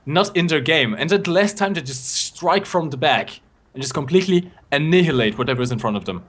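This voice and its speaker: A man's voice: fairly high pitch, expressive, brisk, a bit bright. A man casting a live tank match, confident and playful, talking straight to the viewers. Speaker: esports caster.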